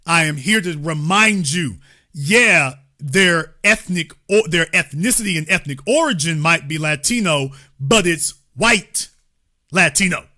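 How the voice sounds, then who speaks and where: Bright-voiced, emphatic male commentator. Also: a little high, animated, unhurried. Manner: emphatic, repeats key points, lectures the audience directly. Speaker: political commentary host. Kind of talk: political commentary monologue.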